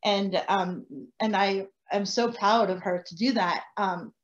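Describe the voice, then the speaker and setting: A woman's voice: mid-range voice, unhurried. Chatty woman on a muffled video call. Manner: animated, chatty storytelling. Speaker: restaurant owner. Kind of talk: panel discussion.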